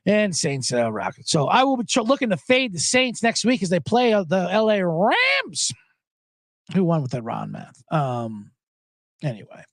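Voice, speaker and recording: A man hosting a sports betting show in a loose, cursing, joking ramble. His pitch swings widely from phrase to phrase. The sound is dry and close, with no room around it. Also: huge pitch swings, normal speed, a bit bright, no room sound. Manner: profane, joking, rambling, breaks into mock impressions. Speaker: sports betting podcast host. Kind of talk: casual sports betting monologue.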